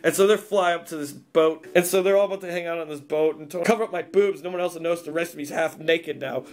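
A man's voice: on the high side, quick pace. A man giving a rambling, crude, mocking comedic review of a comic book.

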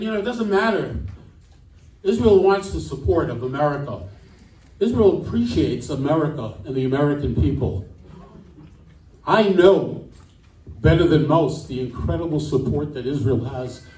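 A man's voice: on the high side, dark tone, distant mic. A man giving an indignant political speech at a club meeting, full of rhetorical questions. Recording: echoey room, voice off-mic.

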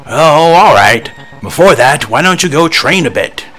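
A man's voice: a little high, expressive, a little slow, a bit bright, voice pushed up. A man doing a dry, teasing older horse trainer. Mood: scolding.

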